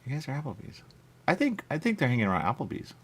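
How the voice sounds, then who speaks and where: A man's voice: medium pitch, huge pitch swings, quick pace, a bit bright. A man hosting a talk radio show, chatting casually in a rambling way and often checking in with "okay?". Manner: chatty, keeps saying "okay?" and "there you go".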